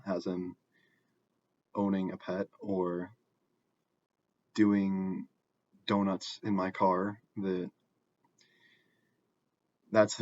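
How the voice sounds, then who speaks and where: A young man telling a personal story in a casual, halting way, often restarting and filling pauses. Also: sits low, a little mellow, lo-fi sound, slight background noise. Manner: halting, self-correcting, frequent fillers.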